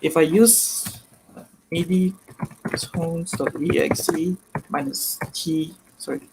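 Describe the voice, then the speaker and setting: A man's voice: fairly high pitch, fairly even intonation, noisy background. Man demoing gear on a video call. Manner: halting, self-correcting, step-by-step. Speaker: guest presenter. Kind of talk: live online demonstration.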